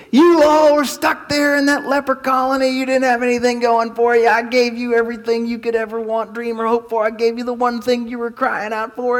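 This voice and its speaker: A man voicing a furious figure who berates his ungrateful followers, shouting in a strained high voice. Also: long reverb tail, heavily acted. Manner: shouting, high-pitched tirade.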